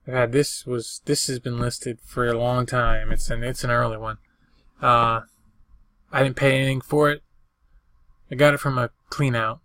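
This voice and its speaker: A fairly bright, medium-pitched voice with no echo belongs to an older man giving a casual show-and-tell vlog as an eBay reseller. He rambles folksily through each item, citing what he paid, what it sold for, and the dates.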